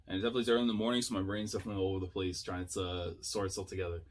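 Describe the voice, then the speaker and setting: A man giving casual, excitable reaction commentary as a YouTuber, thinking aloud with slang and frequent laughs. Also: low voice, racing, slight background noise.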